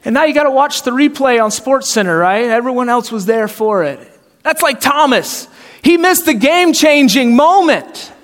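A man's voice: extremely high pitch, animated, normal speed. A man preaching a sermon in a conversational way, asking rhetorical questions and acting out the people in his story. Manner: conversational, acts out quoted voices, rhetorical questions. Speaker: pastor. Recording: hall reverb.

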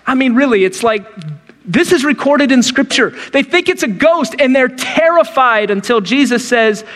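Middle-aged male pastor, very high voice, lively storyteller who acts out the scenes, long reverb. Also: normal speed. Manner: animated storytelling, acts out quotes in character voices. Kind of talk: sermon.

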